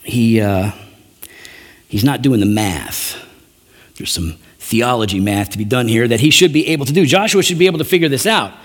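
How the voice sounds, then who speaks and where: A man preaching a sermon, animated and conversational, with frequent restarts and acted-out quotes. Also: mid-range voice, moderate pace. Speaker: pastor.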